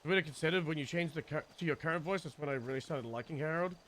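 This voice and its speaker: A man's voice: on the high side, fast, a bit bright, slight background noise. A young man streaming, chatting loosely between game radio calls, laughing and swearing. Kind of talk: casual chat over game radio.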